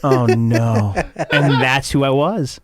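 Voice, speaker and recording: A male comedian from Chicago telling stories in casual podcast chat, animated and profane, acting out quotes in a raised voice. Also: mid-range voice, takes it slowly, a loud crowd. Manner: animated storyteller, swears freely, acts out quotes in a raised voice. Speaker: comedian guest.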